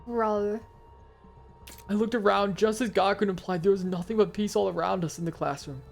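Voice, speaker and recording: A young woman streams a game, reading the narration aloud and chatting with her viewers in a frustrated, offhand manner. Her mid-range voice is gravelly, with fairly even intonation and a moderate pace, and soft music plays in the background.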